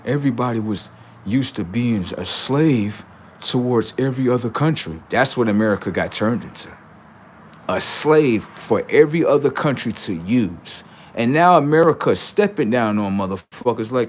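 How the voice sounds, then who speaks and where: Animated man ranting on a livestream. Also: moderate pace. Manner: heated, taunting, swings between loud jeers and low asides. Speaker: livestream host. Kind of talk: profane livestream rant.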